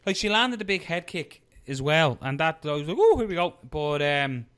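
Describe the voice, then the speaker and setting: A man with an Irish accent co-hosting a casual fight-sports podcast, swearing freely and slipping into quick impressions. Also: a little high, clean tone. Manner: swears freely, animated, mimics people in quotes. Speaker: podcast co-host. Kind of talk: casual chat.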